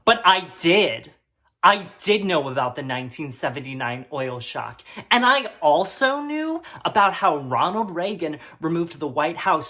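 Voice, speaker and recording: A man playing an awkward teenage boy who reads his melodramatic fan fiction aloud in a deadpan, hesitant way, with mumbled asides. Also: a little high. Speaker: comedy performer. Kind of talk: deadpan comic reading of melodramatic prose.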